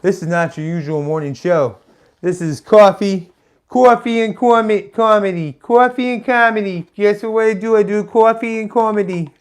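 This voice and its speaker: A man putting on the voice of an overexcited male morning-show announcer, loud and sing-song, as an impression on a live stream. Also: high voice, fairly even intonation, moderate pace, clean tone, natural voice. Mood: hyped.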